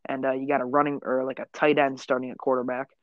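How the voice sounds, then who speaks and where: A man's voice: mid-range voice, level tone, quick pace, dry recording. Young guy cohosting a sports pod, cocky, swears a lot, kinda muffled lo-fi sound. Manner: brash, joking, swears freely. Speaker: podcast co-host. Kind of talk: casual sports chat.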